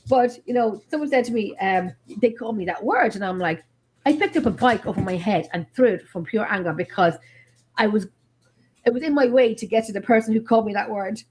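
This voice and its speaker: An Irish woman hosting a paranormal live stream, telling stories in a rambling, animated, casual way. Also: a little high, brisk, a little hiss or hum. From Ireland.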